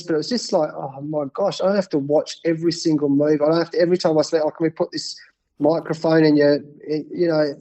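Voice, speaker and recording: Animated Australian man telling stories. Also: on the high side, low-quality recording. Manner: animated, repeats words when telling stories. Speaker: cricket coach, guest. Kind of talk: casual storytelling interview.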